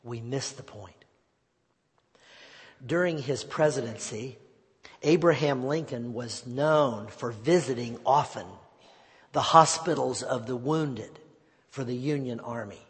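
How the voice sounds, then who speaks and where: A man's voice: mid-range voice, unhurried, in a large hall. A man preaching a sermon as pastor, earnest and repeating key phrases, sometimes dropping to a near whisper.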